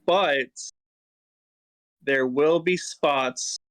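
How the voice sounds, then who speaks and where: Earnest guest on a video call. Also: male voice, on the high side, drawn-out words, a bit bright, poor audio. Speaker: esports team guest. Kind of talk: casual interview chat.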